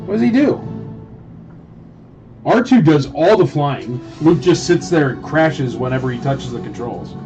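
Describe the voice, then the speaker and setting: A man casually ranting with sarcasm while selling at a live auction, mocking others through quick quoted asides. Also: fairly high pitch, animated, lo-fi sound, over music.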